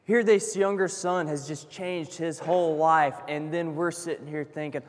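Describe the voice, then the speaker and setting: A man with a high voice preaching a sermon, earnest and storytelling. He swings from hushed passages to emphatic ones. His voice rings with the long reverb of a hall. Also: fairly even intonation, moderate pace, few pauses.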